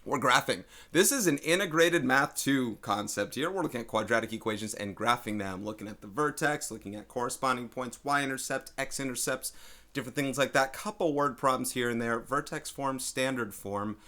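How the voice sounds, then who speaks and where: A man's voice: mid-range voice, moderate pace, bright, forceful tone. A man, a math teacher, explaining a lesson step by step to his students.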